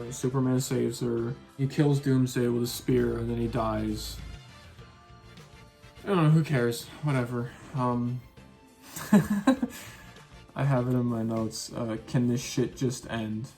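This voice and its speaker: A man's voice: medium pitch, a little mellow. A man reviewing a film in a casual rant, sarcastic, exasperated and full of profanity. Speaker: movie reviewer.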